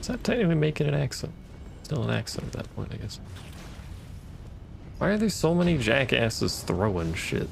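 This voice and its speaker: A man's voice: medium pitch, very animated, normal speed, vocal fry, pauses often, noisy background. A man giving casual gameplay commentary, wry and profane, talking back to the enemies on screen. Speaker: gaming streamer.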